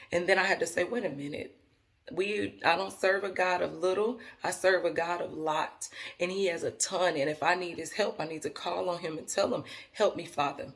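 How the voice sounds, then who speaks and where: A woman's voice: lowish voice, fairly even intonation, normal speed, vocal fry. A woman vlogger talking casually and earnestly to her viewers, rambling with frequent restarts as she speaks to them directly. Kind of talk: casual talk to camera.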